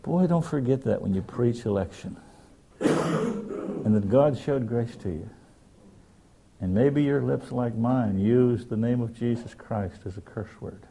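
An older man preaching a sermon, telling stories in an earnest and direct way. His voice is husky and mellow, with a lively, swinging pitch. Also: measured pace, long pauses. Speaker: pastor.

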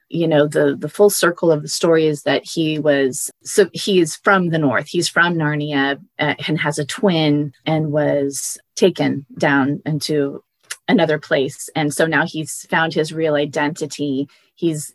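A woman's voice: low voice, no echo. A woman reading a storybook passage and then explaining it as a podcast guest, tearful and hesitant. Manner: hesitant, restarts often when explaining. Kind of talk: storybook reading and casual chat.

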